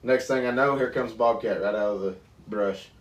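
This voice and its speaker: A man co-hosting a podcast, telling hunting stories in a lively, animated way with bursts of laughter. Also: mid-range voice, moderate pace. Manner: animated storyteller, laughs and yells mid-story. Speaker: podcast co-host. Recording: roomy, distant mic, faint background noise.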